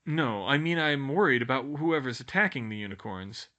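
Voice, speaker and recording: A man's voice: mid-range voice, animated, normal speed, bright, forceful tone, dull audio. A man voicing a thoughtful, worried eleven-year-old boy who speaks earnestly and steadily.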